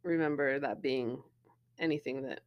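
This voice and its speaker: A woman's voice: rumbling low, moderate pace. A woman co-hosting a podcast, chatting casually through a movie-trivia game and laughing often. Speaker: podcast co-host.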